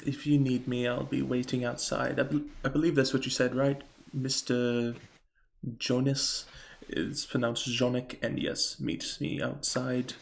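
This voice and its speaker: A man voicing a polite young woman bard who talks in a courteous, measured way. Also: medium pitch, level tone, creaky, slight background noise.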